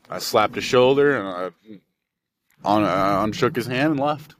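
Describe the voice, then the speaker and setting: A young man from Michigan with a lowish voice rambles through a story on his solo podcast, swearing freely and mocking the people in it. His talk runs loose and animated, and a clear hiss of background noise sits under the whole recording. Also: a little slow. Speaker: podcast host. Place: indoors, while driving. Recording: noisy background ambience.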